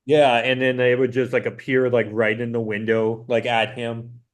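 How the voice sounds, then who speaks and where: A man's voice: mid-range voice, little pitch movement, normal speed. A man co-hosting a podcast, chatting loosely with lots of fillers. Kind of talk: casual chat.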